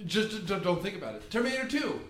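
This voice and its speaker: A man co-hosting a casual movie podcast from his room, talking in a rambling, jokey, animated way with lots of asides. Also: sits high, fast, reverberant, a little hiss or hum. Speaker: podcast co-host. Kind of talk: casual movie recap chat. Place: home room with DVD shelf.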